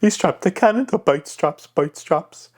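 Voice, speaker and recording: A jittery, scrawny pirate squawks his words high and pinched through pursed lips, in a loose Cockney accent. The voice sits far above an everyday man's pitch and honks like a bird. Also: animated, measured pace. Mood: excited.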